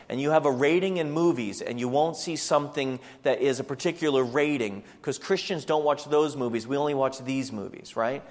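A man preaching a sermon as pastor, animated and acting out the voices of the people he quotes. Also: medium pitch. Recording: long hall reverb.

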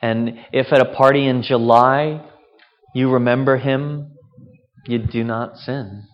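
A man's voice: medium pitch, fairly even intonation, takes it slowly. Male pastor, conversational sermon, rhetorical questions; dull, reverberant church sound. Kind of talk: sermon at communion.

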